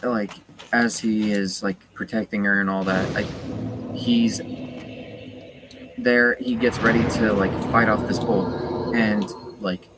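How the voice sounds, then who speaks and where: Slow, rambling man streaming a game. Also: on the low side, over music, poor audio. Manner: rambling, with many "like" and "uh" fillers. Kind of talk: casual gameplay chat, retelling a story. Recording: loud steady background noise.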